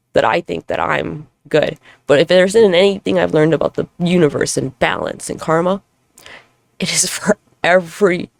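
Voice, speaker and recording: A woman's voice: deep voice, vocal fry, dry recording. A woman hosting a solo podcast monologue, talking in a candid, rambling, profane way with self-deprecating humor. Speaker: podcast host.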